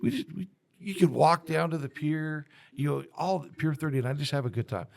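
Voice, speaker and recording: A man hosting a podcast, reminiscing and chatting in a relaxed, rambling way. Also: a little high, fairly quick, creaky. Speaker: podcast host. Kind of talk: casual podcast conversation.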